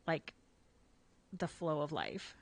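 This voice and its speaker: A woman co-hosting a radio show, chatting casually and telling stories in an animated, rambling way full of fillers. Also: low voice, slow, vocal fry. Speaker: radio co-host. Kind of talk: casual on-air chat. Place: radio studio.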